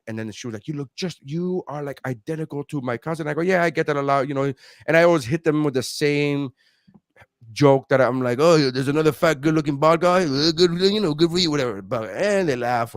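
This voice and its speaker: A man's voice: fairly high pitch, brisk, no room sound, clean studio sound. A man co-hosting a podcast, telling a long profane story in casual chat with lots of quoted voices. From South Florida. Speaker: podcast co-host, comedian.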